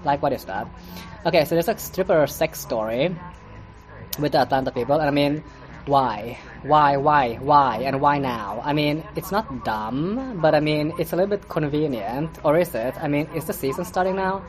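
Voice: medium pitch, lively intonation, moderate pace. Solo podcast host, casual and profane, sarcastic, stumbling through restarts. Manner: rambling with stammers and restarts. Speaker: podcast reviewer. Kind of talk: casual commentary monologue.

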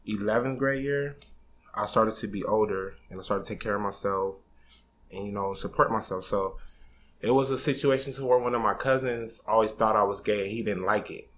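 A low-leaning voice carries this twenty-something man's candid podcast story, told casually with slang, lots of swearing, and rising emotion. A little background noise is audible.

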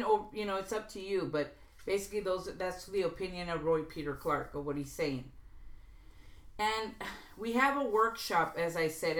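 A woman's voice: on the low side, fairly bright tone. A woman hosting a casual writing podcast, reading from a book and talking it over in a loose, chatty way with many restarts. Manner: chatty, restarts and fillers, slows to stress quoted examples. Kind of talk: informal teaching podcast, reading quotes aloud. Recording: roomy echo.

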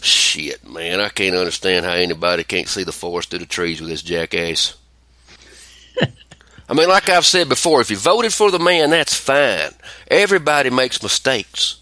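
With a fairly low voice at normal speed, a podcast host rants and tells stories in a loose, casual chat, peppering it with profanity and animated delivery. The recording carries no echo.

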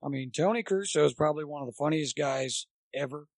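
Gravelly, fairly high male voice, chatty guest spinning animated coaching anecdotes, dry close sound. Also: quick pace, no echo. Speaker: guest, former college baseball coach. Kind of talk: rambling anecdotal storytelling.

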